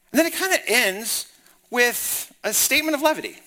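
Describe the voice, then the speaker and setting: A man preaching a sermon, retelling the text in a conversational, animated way. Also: high voice, fast talker. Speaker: pastor.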